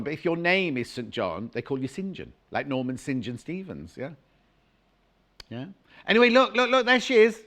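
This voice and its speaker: Lively, chatty shopping-channel man. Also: high-pitched. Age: middle-aged. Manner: chatty, gushing, jokey asides. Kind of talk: live home-shopping fabric chat.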